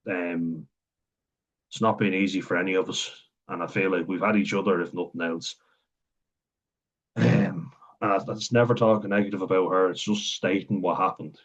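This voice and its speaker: Low-voiced Irish man, frank vlog. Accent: Irish, Wexford. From Ireland. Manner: rambling, frank, swears freely, laughs between thoughts. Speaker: vlogger. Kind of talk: candid personal monologue. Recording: dull lo-fi sound.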